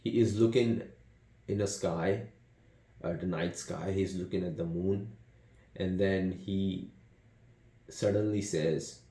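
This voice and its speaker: Slow, low-voiced man reviewing a film. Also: steady tone, mellow, reverberant. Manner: rambling, retells scenes, many fillers and restarts. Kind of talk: casual spoken movie review.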